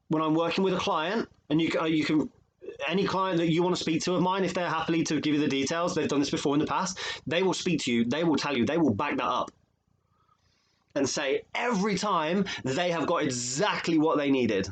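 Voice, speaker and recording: A man's voice: fairly high pitch, brisk, a little hiss or hum, rough recording. A man from England, a life coach, talking earnestly and emotionally to camera, often repeating phrases for emphasis. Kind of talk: motivational video monologue.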